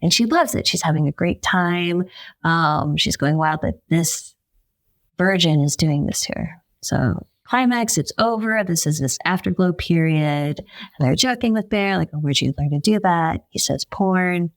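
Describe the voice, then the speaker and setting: A woman journalist, a podcast guest, telling a story in a lively way and acting out the quotes. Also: on the low side, measured pace, no echo. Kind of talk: conversational storytelling.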